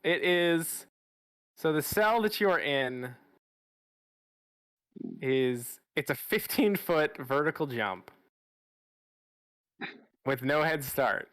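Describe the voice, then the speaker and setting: A man narrating as game master of a tabletop game, casual and halting, with restarts and fillers. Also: on the high side, animated, a bit bright, clean tone, no room sound.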